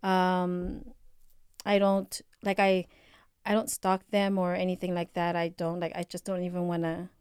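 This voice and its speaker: A woman's voice: on the low side, monotone, unhurried, darkish tone, clean tone, no echo, clean studio sound. A woman in her forties, originally from the Philippines, chatting casually as a podcast guest and laughing often. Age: 40s. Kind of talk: casual chat.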